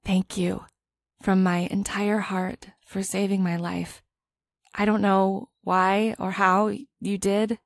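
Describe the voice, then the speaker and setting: A woman narrator voicing a timid young woman who speaks softly and hesitantly in an audiobook. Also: mid-range voice, flat delivery, slow pace, no echo, clean studio sound. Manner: soft, meek, hesitant.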